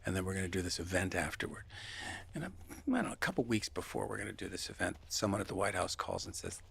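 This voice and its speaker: A man being interviewed as an actor, telling stories in a lively, reflective way. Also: low voice, fast talker, vocal fry, a little hiss or hum. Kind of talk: reflective conversational storytelling.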